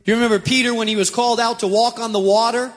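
Preaching fast in a very high, flat voice, this pastor is heard with a long reverb tail and soft music behind him. He dramatizes Bible stories, mimicking panicked voices, and asks his listeners pointed questions.

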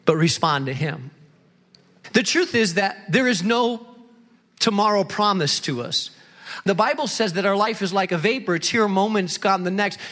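A male pastor preaching an impassioned sermon, acting out excuses in quick bursts before slowing for emphasis. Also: sits high, pushed and bright. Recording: large hall reverb.

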